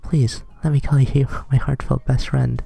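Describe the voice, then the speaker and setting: A man's voice: medium pitch, flat delivery, moderate pace, vocal fry, warm tone, breathy edge, dry recording, soft background music, pitched above the performer's own voice. A man voicing a brash, whiny young male student who pleads and fawns over his friend. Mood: fawning. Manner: pleading, eager to please.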